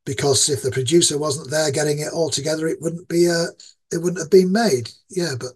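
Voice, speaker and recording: With a fairly high, husky voice and a slightly fast delivery, this sixty-something East Yorkshire man speaks as a guest game designer in a casual interview. He goes on at length, rambling and self-admittedly ranting, full of fillers.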